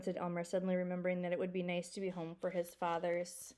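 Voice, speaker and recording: A woman teacher reading a children's book aloud to a second-grade class, expressive and asking the class questions. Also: fairly low pitch, fast.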